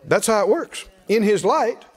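High-voiced preacher in a reverberant hall. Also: male voice, expressive, moderate pace, slightly rough. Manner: emphatic, calls on the congregation to respond. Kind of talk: sermon.

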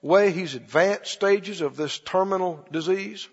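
A male preacher giving an animated, emphatic sermon, repeating lines for stress. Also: high voice, a little slow. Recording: dull lo-fi recording with long hall reverb.

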